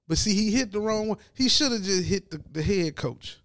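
A man giving a casual, profane sports commentary rant, animated and mocking as he talks. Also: high-pitched, moderate pace, hardly any pauses, no room sound, clean studio sound.

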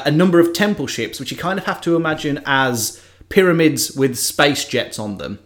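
A man in casual podcast chat, telling a film plot in an animated way with frequent asides. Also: mid-range voice.

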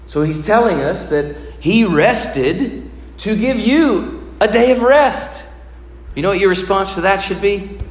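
High-voiced preacher in an echoey hall. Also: male voice, measured pace. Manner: animated preaching, swinging between loud emphasis and hushed low delivery. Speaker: pastor. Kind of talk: sermon.

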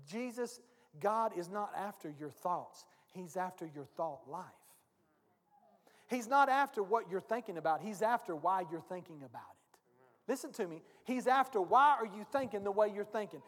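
A man's voice: sits high, animated, normal speed. A man, the pastor, preaching an informal, folksy sermon and firing rhetorical questions at the congregation. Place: church sanctuary. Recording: long reverb of a church hall.

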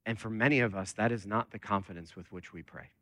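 Bright-voiced man preaching, conversational. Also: fairly low pitch, quick pace, dry recording. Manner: conversational, animated preaching with many fillers. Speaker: lead pastor. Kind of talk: sermon.

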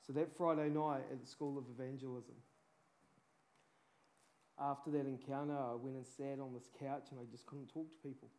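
A man's voice: medium pitch, level tone, normal speed, dark tone. A man preaching a sermon with fervent urgency, peppering it with casual slang.

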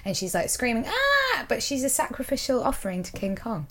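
A woman who teaches improv, chatting as a podcast guest in a playful, animated way. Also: on the high side, quick pace. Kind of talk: casual chat.

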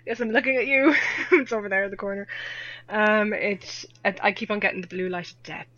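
A woman's voice: medium pitch, steady tone, a little fast, a bit bright. A young woman with an Irish accent chatting casually as a guest, laughing often and poking fun at herself. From Ireland. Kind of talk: casual chat. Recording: dull lo-fi dry audio.

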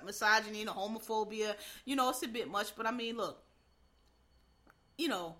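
A woman's voice: mid-range voice, moderate pace, sharp tone. A woman from Philadelphia, ranting in a blunt, profane, heated way in casual commentary.

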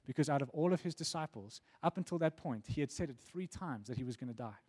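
A man preaching with earnest conviction, his pitch sitting at an ordinary middle level. He repeats words as he builds toward each point, then drops softer as he invites a response. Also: lively intonation, fast, husky. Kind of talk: sermon.

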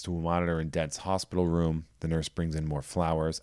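A man's voice: extremely low pitch, little pitch movement, a little fast, darkish tone, smooth, no room sound, studio quality. A man co-hosting a podcast, retelling a story in a loose, joking way and swearing freely. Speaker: podcast co-host. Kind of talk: casual comic plot recap.

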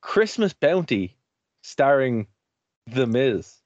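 A man's voice: mid-range voice, very animated, slow pace, darkish tone, no echo, highs cut off. A man co-hosting a radio show and podcast, chatting casually and rambling as he laughs often. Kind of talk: casual chat.

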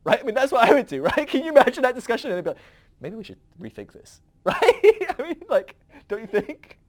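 A man hosting a podcast, talking through ideas in an animated, rambling way with frequent restarts. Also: very high-pitched, fast talker. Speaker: podcast host. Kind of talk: casual philosophical teaching.

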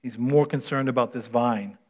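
A man's voice: medium pitch, steady tone, moderate pace. A middle-aged man preaching a conversational sermon, telling stories in a folksy way and often restarting or repeating words. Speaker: pastor. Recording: dull lo-fi sound.

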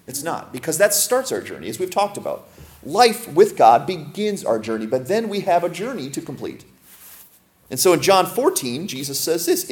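A man preaching a sermon in a mid-pitched voice, talking with his congregation rather than at it. He throws out rhetorical questions and jokes with a laugh, then slows and softens for scripture passages. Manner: slows and softens when reading scripture aloud; joking asides with laughter. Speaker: pastor.

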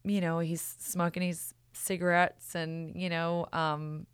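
An Australian woman telling a personal story in a chatty, animated way, full of "like" and "you know". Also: on the low side, slow, clean tone, no room sound, clean studio sound. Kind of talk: casual storytelling monologue.

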